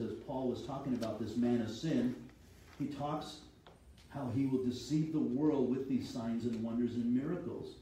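A man's voice: mid-range voice, dark tone, far from the mic, a little hiss or hum. A man preaching a sermon as a pastor, teaching steadily and reading scripture aloud. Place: church sanctuary. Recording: echoey hall, voice from off-mic.

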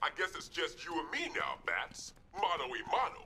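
A cocky, boastful video game villain who taunts his foe, his pitch swinging widely and sometimes sinking to a whisper. Clear background noise sits under his voice. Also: wildly swooping pitch, moderate pace, bright, forceful tone, full character voice. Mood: taunting.

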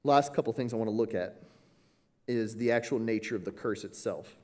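A man preaching a sermon as pastor, teaching earnestly and slowing down to stress key words. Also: fairly low pitch, a little mellow.

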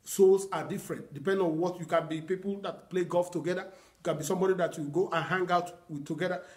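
A man's voice: high-pitched, fairly even intonation, fast, a little mellow. A man preaching a sermon as pastor, teaching earnestly and repeating key phrases.

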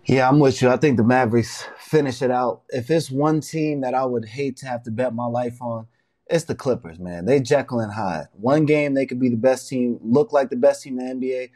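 A young man co-hosts a sports show, talking at an ordinary pitch for a man. His delivery is laid-back, with joking banter. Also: a little fast, a little mellow. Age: young adult. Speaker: co-host. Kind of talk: casual sports talk.

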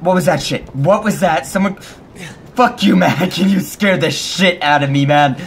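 A man's voice: fairly high pitch, a little slow, a little hiss or hum. A young man hosting a let's play of a horror game, nervous and jumpy, swearing often and laughing between scares. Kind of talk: casual gaming commentary.

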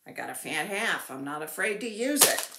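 Lively, excitable woman in an echoey room. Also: on the low side, normal speed, noisy background. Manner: excitable, gushing, playful. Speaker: cross-stitch vlogger. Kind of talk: casual show-and-tell chat. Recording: roomy echo.

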